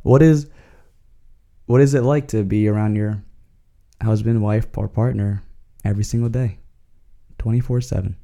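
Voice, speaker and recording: A man's voice: lowish voice, fairly even intonation, moderate pace, gravelly, pauses often, dark tone. A man hosting a podcast, talking in a slangy, joking way and chuckling as he goes. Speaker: podcast host. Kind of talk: casual comedic monologue.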